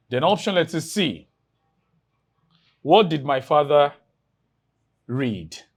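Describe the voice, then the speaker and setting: A man's voice: medium pitch, expressive. A man teaching an exam-prep English lesson, stretching out example sentences and asking his class rhetorical questions. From Nigeria. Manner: drawn-out emphatic reading of example sentences.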